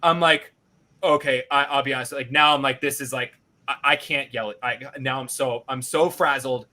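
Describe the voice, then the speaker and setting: Bright-voiced man telling a story. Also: medium pitch, normal speed. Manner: animated, profane, acts out his own reactions. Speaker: podcast host. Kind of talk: casual storytelling.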